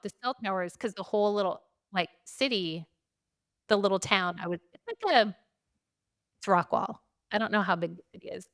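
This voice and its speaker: A middle-aged woman telling a chaotic travel story in a casual chat, animated and laughing often, acting out quotes in a higher voice. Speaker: podcast host.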